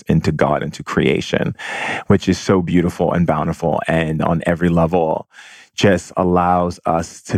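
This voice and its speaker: A very low-voiced man talks as a spiritual teacher, gushing and breezy and peppering his talk with "like". The sound is dry and close, with no room around it. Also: gravelly, darkish tone, dry recording. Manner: effusive, breezy, with sudden whooping exclamations; heavy use of "like" and "you know". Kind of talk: motivational spiritual monologue.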